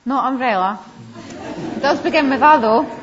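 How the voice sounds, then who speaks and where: A woman giving a Bible lesson to young children, gently questioning them and calling on them by name. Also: high-pitched, moderate pace, a faint crowd, a little hiss or hum. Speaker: Sunday school teacher. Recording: slightly dull lo-fi recording.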